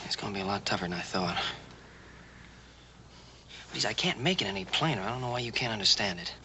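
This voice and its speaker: An actor playing a patient man who coaxingly teaches a deaf girl sign language, repeating single words slowly, in 1960s TV western acting. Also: on the low side, expressive, close to an everyday voice. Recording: noisy old TV soundtrack.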